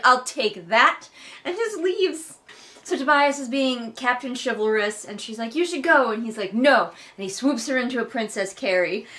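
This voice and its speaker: A woman's voice: on the high side, fairly bright tone. A woman giving a casual, comedic book recap, sarcastic and mocking, swearing casually. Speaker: book reviewer.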